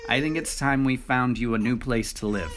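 A man's voice: medium pitch, moderate pace, slight background noise, lightly acted. A man voicing a cheerful little boy helping his bear in a storybook read-aloud. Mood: helpful.

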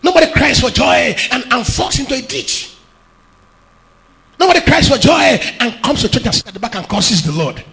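A male pastor preaches in a very high, lively voice that swings up and down in pitch. His tone is gravelly with fry, and he drives his points home by shouting and half-singing his lines. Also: normal speed. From Nigeria. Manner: emphatic preaching with shouted and sung-out phrases. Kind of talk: sermon.

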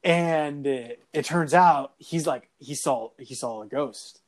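A man's voice: fairly high pitch, slow. A man telling a story in casual chat, rambling with many fillers and swear words.

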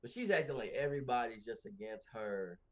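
A man co-hosts a loose, casual podcast over a remote call. He rambles in slang and laughs often. His pitch swings widely as he gets going. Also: lively intonation, a little fast. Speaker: podcast co-host. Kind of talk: casual wrestling podcast chat. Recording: remote call with glitchy connection.

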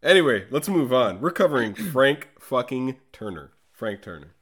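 A man's voice: mid-range voice, very animated, normal speed, slightly rough. Joking young Southern-raised man. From American South. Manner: joking, sarcastic. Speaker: podcast co-host. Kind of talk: casual banter.

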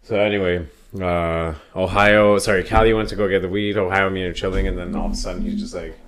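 Young man from Toronto, profane, animated, laughs often, lowish voice. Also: fast. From Toronto, Canada. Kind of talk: casual chat.

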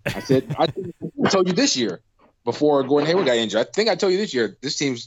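A man's voice: on the high side, quick pace. Sports podcast guy rambling w big analogies, voice swings a lot, kinda muffled lo-fi. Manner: rambling, animated, spins long analogies. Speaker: podcast co-host. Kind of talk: casual sports chat. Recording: dull lo-fi sound.

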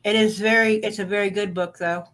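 A woman filling in as podcast co-host, talking casually in a blunt, expressive way and swearing freely. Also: mid-range voice, fairly quick. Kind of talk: casual chat.

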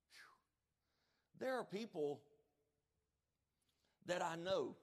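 A male pastor preaching a sermon, emphatic, checking in with the congregation and shouting out now and then. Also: a little high. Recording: long reverb of a church hall.

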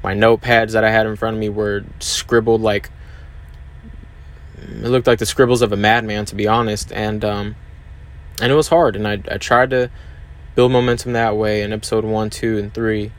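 A man hosts his own podcast in a candid solo monologue, talking openly and hesitantly about his struggles with many fillers and restarts, in a confessional manner. His voice is on the low side, with little pitch movement and a moderate pace.

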